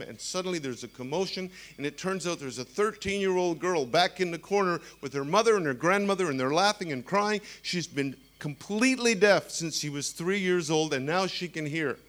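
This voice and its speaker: A man in his sixties preaching a sermon, telling stories with humorous asides and animated emphasis. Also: fairly high pitch.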